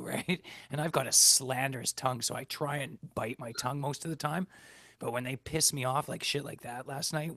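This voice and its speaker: Gravelly husky man ranting. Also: medium pitch, fairly bright tone, no room sound. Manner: swears heavily, rambling and heated. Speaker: livestream host. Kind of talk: casual chat on a video call.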